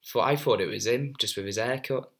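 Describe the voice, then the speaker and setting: A man co-hosts a podcast in a bright, sharp voice. He chats casually and keeps the tone animated, swearing and laughing. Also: mid-range voice, a little fast. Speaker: podcast co-host. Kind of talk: casual chat.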